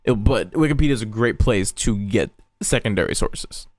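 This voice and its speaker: A man's voice: on the low side, animated, moderate pace, no room sound. A young man chatting casually and laid-back on a podcast.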